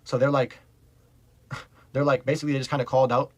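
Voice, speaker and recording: Over a rough recording, a young man with a medium-pitched voice tears briskly through a casual story. It's rambling and profane, packed with "like," and he's lively enough to keep laughing mid-tale.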